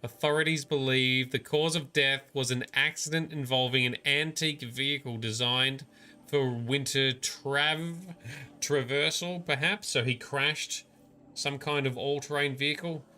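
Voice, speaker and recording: A man's voice: mid-range voice, steady tone, measured pace, pushed and bright. A man giving casual, joking live commentary on a game stream and reading chat messages aloud. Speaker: livestreamer. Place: at a gaming PC. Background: game music.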